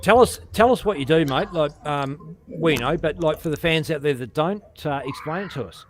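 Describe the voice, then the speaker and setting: A man's voice: fairly high pitch, moderate pace. An Australian man co-hosting a live darts stream, casual and sweary, full of laughing banter.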